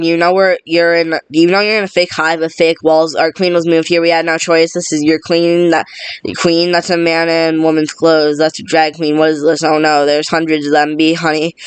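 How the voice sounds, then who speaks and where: Man reading a script aloud, quick pace, stumbles on words, dry close sound, slightly raised pitch. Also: smooth, no room sound. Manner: rapid, flat delivery, stumbling over words. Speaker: reader.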